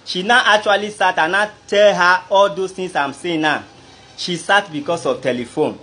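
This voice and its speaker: A man's voice: sits high, moderate pace, bright, forceful tone, husky. A man with a Nigerian Pidgin English accent telling a personal grievance to camera in a rambling, indignant way. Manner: indignant, rambling, addresses the listener directly. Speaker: vlogger. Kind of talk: aggrieved personal storytelling to camera.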